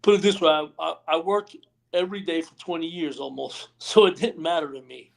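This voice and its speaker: A man's voice, a touch higher than usual and rough with gravel, tells long backstage stories on a live stream call. He rambles, acts out other people's lines, and checks in with "you know what I mean" again and again. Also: brisk. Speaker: retired pro wrestler, guest. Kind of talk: storytelling interview. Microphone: remote live stream call.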